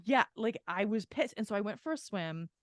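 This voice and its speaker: A woman co-host talking frankly on a podcast in a loose, rambling way, sprinkling "like" through every sentence and swearing freely. Her voice sits at an ordinary middle pitch. The recording is close and dry, with no room sound. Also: animated, a little fast, dry recording. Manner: candid, rambling, heavy "like" filler, swears freely. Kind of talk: casual chat.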